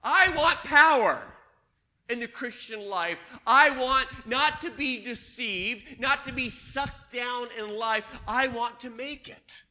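An older man preaching a sermon, swinging between loud emphatic lines and hushed ones. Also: extremely high pitch, takes it slowly. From Washington State. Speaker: pastor.

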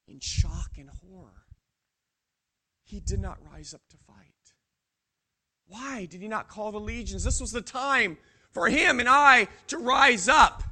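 Casting: a man doing a grief-stricken male disciple, high sharp voice, slow and hushed. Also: heavily acted. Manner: dramatic first-person monologue, hushed, broken pauses. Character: remorseful adult male disciple recounting his denial.

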